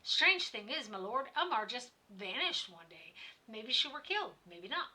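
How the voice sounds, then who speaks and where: A woman's voice: a little high, sing-song, normal speed, bright, forceful tone, heavily acted. A woman voicing a pompous, blustering middle-aged male innkeeper while reading game dialogue aloud. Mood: scolding. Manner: pompous, scolding.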